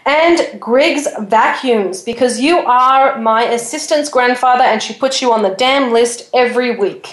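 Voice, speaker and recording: A woman's voice: on the high side, unhurried, few pauses. Chatty woman radio host, echoey room. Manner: chatty and bubbly, rattling off shout-outs. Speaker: radio talk show host. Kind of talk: casual radio chat.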